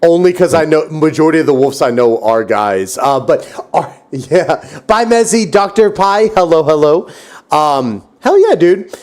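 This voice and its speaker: A man's voice: a little high, animated, unhurried, a little mellow. A man hosting a gaming stream in casual chat, upbeat, thanking viewers and tossing out "yo" and "dude". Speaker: streamer host.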